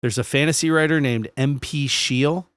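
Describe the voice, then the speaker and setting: A man's voice: fairly high pitch, moderate pace, fairly bright tone, clear, resonant tone, dry recording. A man co-hosting a podcast in casual chat, joking and swearing as he tells stories. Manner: joking, profane, drifting into silly put-on voices. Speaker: podcast co-host.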